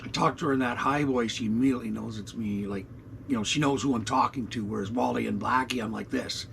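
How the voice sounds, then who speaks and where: A man's voice: mid-range voice, a little fast, creaky, a bit bright, a little hiss or hum. A man in his sixties, rambling bluntly and profanely through an unscripted vlog in his RV, with lots of fillers, recorded on an action camera. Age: 60s. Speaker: vlogger. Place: inside his RV.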